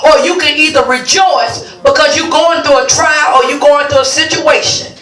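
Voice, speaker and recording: High-voiced woman preaching fervently. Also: moderate pace, faint music behind. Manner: fervent call-and-response preaching, often shouting. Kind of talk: sermon. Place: church sanctuary. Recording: echoey church room from far off. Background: congregation calling out responses.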